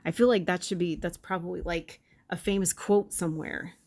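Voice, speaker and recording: A woman's voice: lowish voice, fairly even intonation, brisk, darkish tone. A woman reading a history text aloud and breaking off often to react, joke and correct herself. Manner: playful, self-interrupting, reacts to the text. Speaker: video host.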